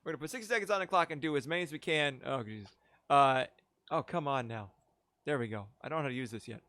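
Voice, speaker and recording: A man's voice: mid-range voice, fast talker, sharp tone, no echo. A man hosting a live improv comedy game over a video call, chatty and laughing often. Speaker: improv show host.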